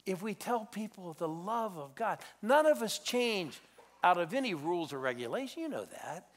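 Middle-aged male preacher, raised voice, swings from shouting to hushed, church sermon. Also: high voice, big pitch swings, moderate pace. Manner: preaching storyteller, swings between loud exhortation and hushed intensity. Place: church sanctuary.

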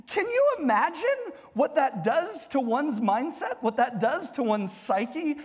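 A male pastor giving a sermon in a conversational, animated style with humorous asides. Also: very high-pitched, measured pace, in a large hall.

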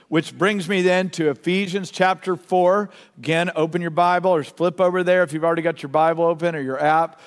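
Fervent high-voiced male preacher in a hall. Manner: fervent, builds emphatic repetitions then drops soft and slow. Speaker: pastor. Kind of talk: sermon. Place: church sanctuary. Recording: long reverb of a large hall.

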